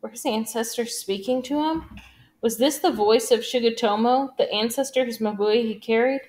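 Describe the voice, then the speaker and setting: A woman reading a novel aloud in steady, even scripted narration. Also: a little high, normal speed. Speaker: audiobook narrator.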